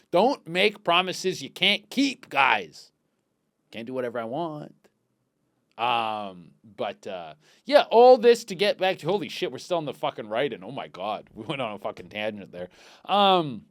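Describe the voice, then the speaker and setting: Lively crude young man telling stories. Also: medium pitch, normal speed. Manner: crude, rambling, swings loud and quiet. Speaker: podcast host. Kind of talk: casual comedic storytelling.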